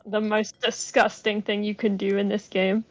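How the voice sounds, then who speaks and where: A woman's voice: mid-range voice, flat delivery, normal speed, no room sound, low-quality recording. A woman chatting casually as a friend watching the game, teasing and laughing often. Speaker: co-player friend. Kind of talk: casual chat.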